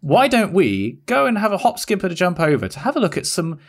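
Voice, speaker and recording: A man's voice: high voice, huge pitch swings, fairly quick. A man co-hosting a casual podcast, playful and joking as he reads thank-you names. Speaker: podcast co-host.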